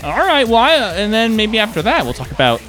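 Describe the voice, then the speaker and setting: A man's voice: sits high, huge pitch swings, fast, music in the background. Emphatic, swearing podcast host man. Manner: emphatic, swears often, ranting. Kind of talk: casual chat.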